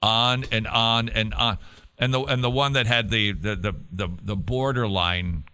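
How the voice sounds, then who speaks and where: A man's voice: fairly low pitch, fairly even intonation, moderate pace, sharp tone, clean tone. A man hosting a talk show, giving emphatic, sarcastic commentary. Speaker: host.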